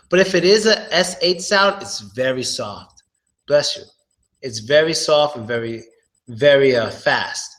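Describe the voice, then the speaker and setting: A man giving a casual live-streamed pronunciation lesson. He repeats words slowly and curses offhandedly. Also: medium pitch, expressive, a bit bright. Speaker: English pronunciation tutor.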